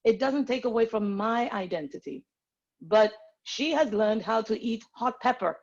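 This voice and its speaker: A woman's voice: a little high, animated, moderate pace, dull audio. A woman from Nigeria, a medical practitioner, speaking earnestly and animatedly as a panelist on a video call.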